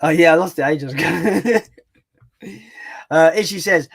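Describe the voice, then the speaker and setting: Male channel host, casual, sweary, laughs a lot, a bit higher voice. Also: a little slow, vocal fry, pauses often. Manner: swears freely, laughs often. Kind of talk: casual chat on a livestream.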